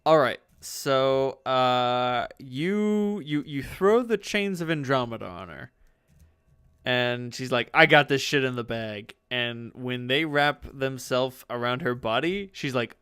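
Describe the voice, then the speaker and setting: A man narrating a tabletop game as its game master, joking in a dry, profane way. His voice is smooth and clear, slow-paced, with a dry close-mic sound and no room around it. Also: medium pitch, animated, a bit bright, dry recording. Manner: casual, profane, dryly joking.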